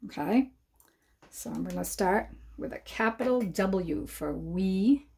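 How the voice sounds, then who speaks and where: A woman teacher giving a writing lesson to young children, talking slowly and clearly and sounding out each word as she writes. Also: medium pitch, lively intonation, dark tone. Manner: slow, clear dictation for young learners.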